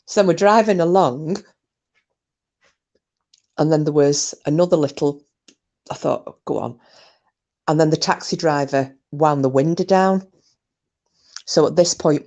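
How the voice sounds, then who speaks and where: British lady chatting on her livestream, lowish voice, keeps cracking up laughing mid story. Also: darkish tone. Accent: British English. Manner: giggly, rambling storyteller who breaks into laughter. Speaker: livestream host. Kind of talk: casual livestream chat reading out viewer comments.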